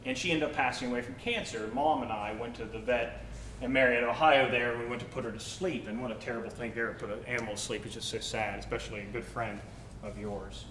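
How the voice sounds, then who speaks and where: A young adult man preaching a sermon to his congregation, telling personal stories in an animated, joking way. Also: medium pitch, fast, a little hiss or hum. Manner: animated, jokey storytelling. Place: church hall. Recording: roomy church hall.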